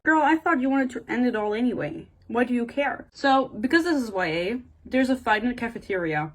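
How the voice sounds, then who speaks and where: A woman's voice: on the high side, expressive, fairly quick, low-quality recording. A young woman giving a casual, sarcastic book rant at home, swearing bluntly and using lots of filler words. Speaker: book reviewer.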